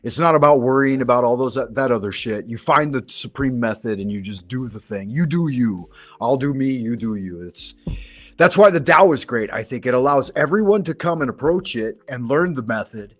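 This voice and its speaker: A man's voice: medium pitch, animated, normal speed. A man from Southern California hosting a casual chat, telling rambling, profane anecdotes. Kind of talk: casual conversational storytelling.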